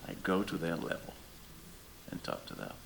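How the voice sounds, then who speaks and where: A middle-aged Senegalese man, a musician whose first language is not English, chatting with a live audience between songs, animated and full of rhetorical questions. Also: low voice, normal speed, vocal fry, slight background noise.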